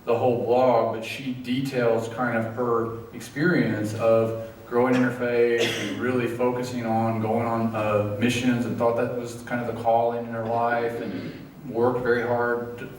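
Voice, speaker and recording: A man of middle pitch leads a church study group, halting and full of fillers, his voice now and then thick with feeling. He is heard from a distance in a very echoey room, with a faint hum of ambience behind him. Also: flat delivery. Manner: halting, many fillers, gets emotional. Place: church hall. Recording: echoey room, far from mic.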